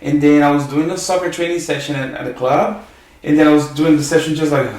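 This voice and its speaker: A man's voice: on the high side, fast, distant mic, a loud crowd. A man telling stories in a casual podcast chat, acting out his own reactions. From Brazil. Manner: animated storytelling, acts out his own reactions. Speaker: podcast guest, soccer coach. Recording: echoey room.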